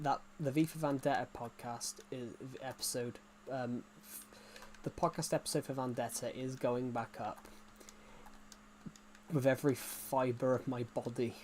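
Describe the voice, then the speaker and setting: A young Englishman's mid-range, slightly mellow voice carries his casual game-stream chat, with a little hiss or hum in the background. As a gaming streamer talking live, he rambles with frequent restarts and fillers.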